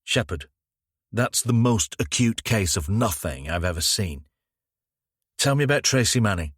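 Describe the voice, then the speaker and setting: A man voicing a calm, firm male detective who talks someone down steadily. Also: on the low side, measured pace, slightly rough, no echo, studio quality, full character voice. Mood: dry.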